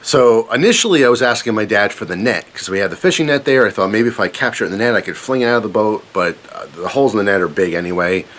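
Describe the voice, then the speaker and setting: Guy telling a funny story about himself, kinda low voice but bouncing all over, lots of ums. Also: quick pace, few pauses. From Pennsylvania, USA. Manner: animated, self-mocking, rambling with fillers. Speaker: vlogger telling a personal story. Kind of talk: casual storytelling.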